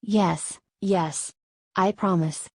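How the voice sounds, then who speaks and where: A woman reads a frantic queen mother in a storybook. Her commands are urgent and insistent, low-pitched, recorded close with no room echo. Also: fairly even intonation, very slow, heavily acted.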